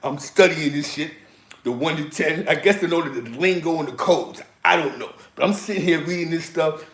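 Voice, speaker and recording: This East Harlem native has a fairly high voice and speaks quickly, with reverb and a bit of background noise around him. He spins animated stories in slangy New York speech, laughing often.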